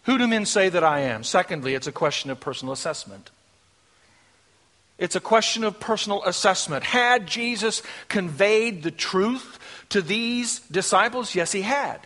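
High, bright-voiced male preacher. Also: lively intonation, normal speed. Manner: dynamic swings from hushed to emphatic and declaiming. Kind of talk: sermon.

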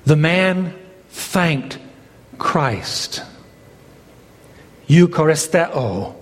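A man's voice: medium pitch, a little slow, a little mellow. A male pastor preaching a sermon, dramatic, his voice climbing as he voices the exchange between Jesus and Peter. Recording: long hall reverb.

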